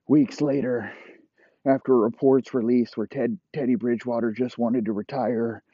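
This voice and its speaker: Male comic storyteller, rambling and profane, husky low voice, dry lo-fi sound. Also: takes it slowly, dry recording. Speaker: comedy storyteller. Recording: dull lo-fi recording.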